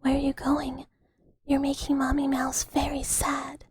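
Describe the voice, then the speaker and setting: A woman's voice: high-pitched, completely flat delivery, unhurried, darkish tone, dry recording, pitched above the performer's own voice. A woman voicing a melodramatic, bossy mother mouse in a theatrical whispered role-play. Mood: melodramatic sad. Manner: theatrical, pleading then commanding.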